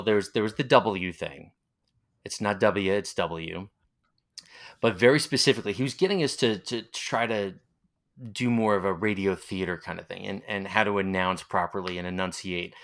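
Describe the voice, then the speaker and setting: A man's voice: lowish voice, a bit bright. A man in his forties with a Long Island accent, rambling as he tells nostalgic stories in a casual interview. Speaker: interviewee, former college radio announcer.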